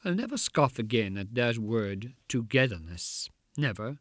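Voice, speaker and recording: Man reading poetry in a lively, incantatory voice. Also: mid-range voice, dry recording, clean studio sound. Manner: rhythmic, incantatory delivery with dramatic pauses. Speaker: poet.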